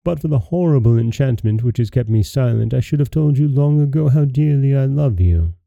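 A devoted young prince, once enchanted into a flower, read by a man, speaks earnestly. The voice is gravelly and very dark. The recording is dry and dull. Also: mid-range voice, expressive, a little fast, no room sound.

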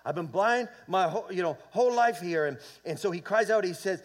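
High-voiced man preaching fervently. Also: animated, fairly quick. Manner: fervent preaching with swells of volume and call-and-response; repeats words and restarts often. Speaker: pastor. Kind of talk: sermon. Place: church sanctuary.

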